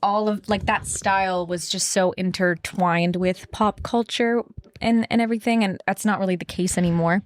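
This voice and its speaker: A woman's voice: medium pitch, steady tone, normal speed. A young adult woman co-hosting a podcast in casual chat, rambling with fillers and laughing often. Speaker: podcast co-host.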